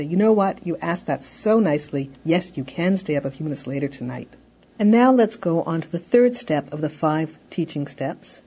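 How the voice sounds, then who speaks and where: A woman with a deep, warm, husky voice gives a recorded lecture on parenting, explaining the steps conversationally and often saying "you know." The recording sounds muffled.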